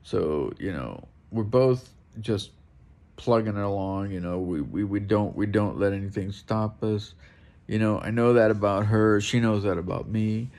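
A man's voice: lowish voice, steady tone, moderate pace, a little mellow. A middle-aged man ranting alone in a room at home, blunt and profane, repeating himself as he talks. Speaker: vlogger. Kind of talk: ranting monologue to camera.

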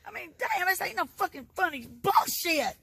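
A woman's voice: very high-pitched, lively intonation, normal speed, heavy background noise. An older grandmother cursing and grumbling inside a tent, recorded on a phone. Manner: cursing, cranky, threatening in jest. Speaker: grandmother on a camping trip. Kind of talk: profane grumbling in a home video.

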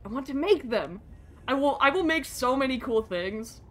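An American woman streams a video game, talking excitably and rambling as she plays. Her voice is bright and a bit high, and she swears freely in her casual commentary. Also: moderate pace.

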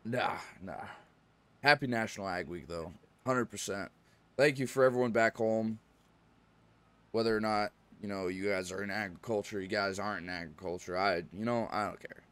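A man streaming a farming game, chatting casually and rambling, often clearing his throat. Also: lowish voice, normal speed, a bit bright. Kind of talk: casual live-stream chat.

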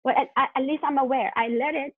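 Earnest higher-voiced woman on a tinny line. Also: quick pace, dry recording. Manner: earnest, animated, repeats words and restarts. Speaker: guest, parenting coach. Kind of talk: podcast conversation. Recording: dry tinny phone-line sound.

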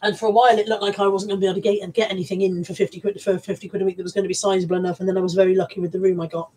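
A woman's voice: medium pitch, level tone, rapid-fire, darkish tone, breathy edge, rough recording. A woman with a Bristol accent, chatting casually on a live stream while showing her thrift haul, rambling and restarting her words. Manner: chatty, rambling, repeats words and restarts, reads out viewer comments.

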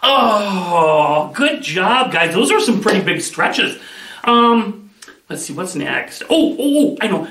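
A man leads a children's Bible lesson with lively, swooping pitch and a bright, forceful tone. He sounds upbeat and playful as he calls out game commands. The voice sits back from the mic in a roomy, echoing space. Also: takes it slowly. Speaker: children's ministry teacher. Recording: echoey room, voice from a distance.

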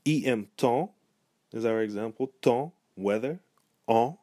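A man's voice: mid-range voice, a little slow, dark tone, dry recording, studio quality. A man giving a pronunciation lesson, speaking patiently and repeating each example word. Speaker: language teacher. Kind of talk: pronunciation tutorial.

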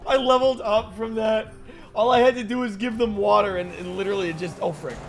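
A young man commentating his own gameplay, reacting loudly and joking along as things happen. His voice sits high, with faint music under it. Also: fairly even intonation, a little fast. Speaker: gaming streamer. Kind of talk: let's play commentary.

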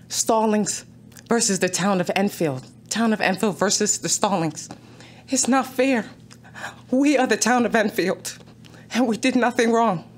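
A woman speaking at a town council public comment, emotional, pleading and insistent. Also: a little high.

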